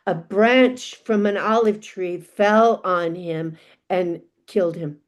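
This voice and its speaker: A woman's voice: on the low side, slow pace. Woman doing matter-of-fact village friends. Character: plain-spoken village friends.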